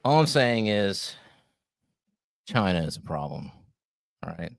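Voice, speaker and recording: A man's voice: lowish voice, big pitch swings, a little slow, creaky, no echo, studio quality. A man co-hosting a podcast in casual chat, rambling and joking, often restarting his sentences. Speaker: podcast co-host.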